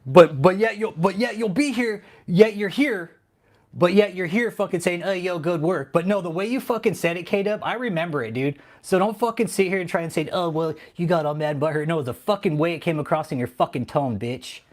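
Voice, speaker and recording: A man's voice: high voice, expressive, a little fast. A man hosting a livestream, talking casually and then ranting heatedly with heavy swearing and repeated phrases. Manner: heated, profane, repeats himself. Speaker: channel host. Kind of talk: angry livestream rant.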